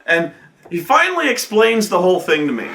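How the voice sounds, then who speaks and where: Animated, bright-voiced man telling a game story. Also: high-pitched, brisk. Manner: profane, animated, fills speech with "like". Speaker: storyteller recounting a tabletop game. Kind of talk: casual anecdote.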